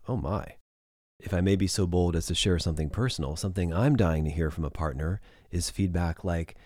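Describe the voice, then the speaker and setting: Deep, mellow-voiced male podcast host. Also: dry recording, studio quality. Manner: measured, explanatory, slows for emphasis. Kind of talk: solo relationship advice monologue.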